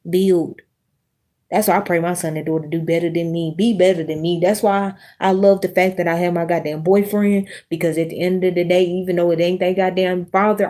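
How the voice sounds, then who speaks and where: A woman's voice: fairly low pitch, warm tone. Blunt, profane woman ranting on a livestream. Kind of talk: casual livestream rant.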